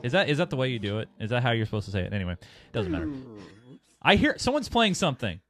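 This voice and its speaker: Lively joking male podcast host. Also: medium pitch, quick pace, soft background music. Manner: joking, laughs often. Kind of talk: casual podcast chat.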